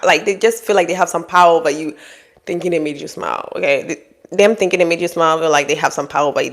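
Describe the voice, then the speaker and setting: A woman talking straight to her audience with relationship advice, bluntly scolding and acting out quoted people in high mock voices. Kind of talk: direct-to-camera advice monologue.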